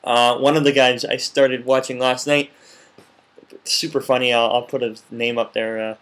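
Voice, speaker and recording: A man giving casual teaching advice on a vlog, animated and playful, acting out little exchanges and often repeating himself as he talks. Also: medium pitch, moderate pace. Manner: animated, acts out little dialogues with playful voices; repeats words and restarts often. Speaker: English teacher vlogger.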